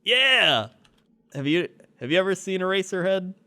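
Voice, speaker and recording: A man's voice: high voice, animated, normal speed, bright, forceful tone, smooth. A man co-hosting a casual comedy podcast, rambling through a story with lots of fillers and easy laughs. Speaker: podcast co-host.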